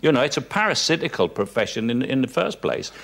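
A man with a Cockney accent, a guest in an interview, telling stories with lively mimicry. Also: medium pitch, fast, creaky. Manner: animated storyteller, mocks impressionists with lively put-on voices. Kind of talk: casual interview chat.

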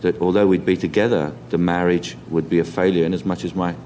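Low-voiced hesitant Cockney man. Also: steady tone, fast talker, a little mellow, slight background noise. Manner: hesitant, many ums and restarts. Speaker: interview guest. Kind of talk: reflective interview talk.

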